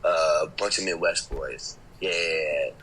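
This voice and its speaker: A man's voice: extremely low pitch, slow pace, bright, forceful tone, a little hiss or hum, low-quality recording. A man from Chicago, a musician guest in a casual interview, talking laid-back with lots of slang, fillers and laughter.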